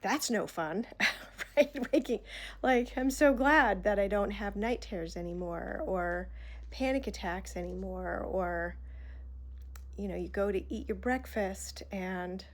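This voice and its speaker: A woman shares her thoughts in a reflective vlog, taking her time over each phrase. Her voice sits in a middle register, and she sounds heartfelt, earnest and close to emotion, with frequent pauses and sighs. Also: medium pitch. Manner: slow, heartfelt, pausing often with sighs. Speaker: vlogger.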